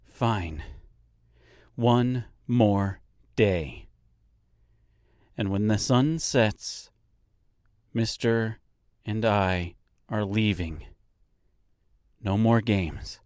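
A man's voice: medium pitch, takes it slowly, long pauses, a little mellow, no echo, clean studio sound, voice pushed up, natural voice. A man voicing a stern, impatient young woman heroine in an audiobook, speaking with exasperation.

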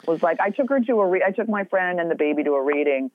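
A woman's voice: lowish voice, expressive, fast talker, no echo. A middle-aged woman in casual podcast chat, talking bluntly with lots of swearing and rambling asides. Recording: tinny phone-like sound.

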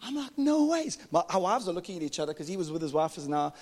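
A man preaching a sermon as pastor, telling an animated story and joking with the congregation. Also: a little high, racing. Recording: reverberant hall.

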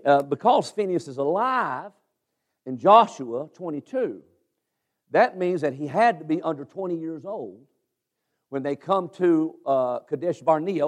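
A high-voiced man preaches a sermon with fervent, exhorting energy. He moves from loud urging to quiet, reflective asides, and he punctuates his points with repeated amens.

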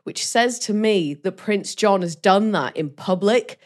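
A woman chatting about a film as a podcast co-host, expressive and laughing as she acts out voices. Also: medium pitch, measured pace. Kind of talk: casual film chat.

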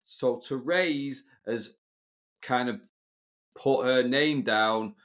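A man chatting casually on a podcast, sardonic and a little grumbling as he recaps a soap. He hesitates often with fillers, and his voice sits at a middle pitch for a man. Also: very slow, fairly bright tone. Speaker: podcast co-host.

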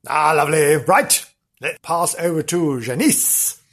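A man's voice: on the high side, measured pace, fairly bright tone, husky. A man hosting a comic podcast, telling spooky tales in a theatrical, teasing way with playful asides. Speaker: podcast host.

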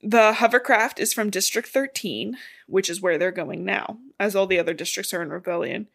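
A woman's voice: medium pitch, normal speed, gravelly. A woman co-hosting a podcast, casually retelling a novel's plot in a chatty way with the odd swear word. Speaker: podcast co-host. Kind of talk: casual book recap chat.

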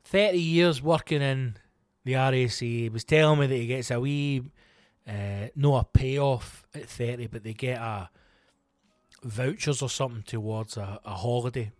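A man's voice: medium pitch, moderate pace, dry recording. A Scottish man in middle age spins a comic tale, swearing freely and laughing at himself. His voice is close and dry, with no room sound around it. He has an everyday, middle-range voice. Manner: profane, animated, self-mocking. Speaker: comedian podcast host. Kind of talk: comic storytelling monologue.

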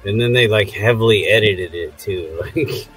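A man's voice: on the low side, moderate pace, fairly bright tone, soft background music, low-quality recording. A man co-hosting a casual podcast recap, adding dry, sarcastic asides. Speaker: podcast co-host.

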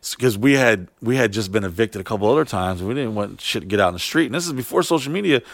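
A man's voice: on the low side, animated, fast, no echo. A man in his thirties telling a long party story in casual chat, rambling and swearing a lot. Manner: rambling, profane, heavy use of "like". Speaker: podcast guest telling a story.

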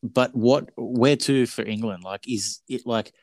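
A man's voice: medium pitch, a little slow, a little mellow, no echo, studio quality. A man co-hosting a rugby podcast, talking casually and posing questions to his co-host. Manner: questioning, conversational. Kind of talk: casual sports chat.

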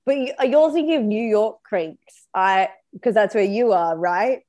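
A woman's voice: medium pitch, normal speed, a little mellow. A woman chatting as a guest on a comedy podcast, playful and teasing, often laughing. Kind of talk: casual comedic chat.

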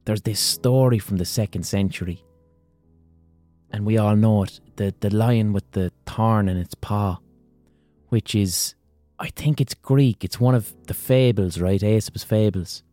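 A man hosts a podcast and retells a fable in a casual, swearing style. His voice is low and dark. It sounds dry, with faint music behind. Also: moderate pace, no echo. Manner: profane, conversational. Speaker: podcast host. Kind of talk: casual storytelling monologue.

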